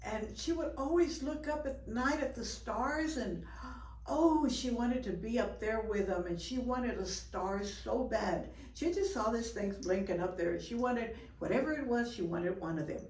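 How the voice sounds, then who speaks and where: An older woman telling a folk story in a lively, expressive way, with gasps for effect. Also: fairly high pitch, moderate pace, few pauses. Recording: roomy, from far off.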